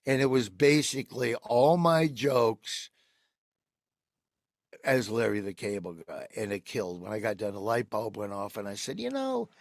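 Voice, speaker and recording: Man, american comedian guest, lively storytelling, plays out the quotes, dry close sound. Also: mid-range voice, dry recording. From United States. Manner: animated storyteller who acts out quoted people. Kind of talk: casual storytelling interview.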